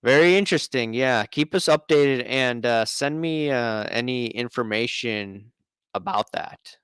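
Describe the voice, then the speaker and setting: Slow-talking man hosting a live stream. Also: medium pitch, fairly bright tone, clean tone, no room sound. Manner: rambling, chatty, reads viewer comments aloud. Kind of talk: casual live stream chat, reading comments.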